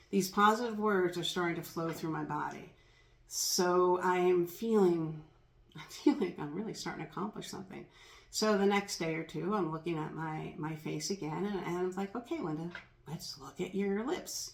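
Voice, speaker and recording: Recorded in an echoey space, this middle-aged woman has a fairly low pitch with vocal fry and speaks at a moderate pace. Her reflective, sincere account of a personal story includes the kind things she says to herself, spoken aloud.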